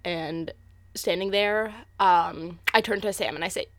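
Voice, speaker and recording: A woman's voice: on the low side, measured pace, no echo. A woman playing in a tabletop game, describing her actions hesitantly with many fillers. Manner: hesitant, lots of fillers and restarts. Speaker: player. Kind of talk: tabletop role-play.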